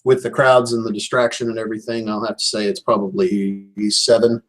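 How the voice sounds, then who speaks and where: A man narrating as game master of a tabletop role-playing game, describing scenes in a measured, descriptive way. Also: fairly low pitch, little pitch movement, rough recording.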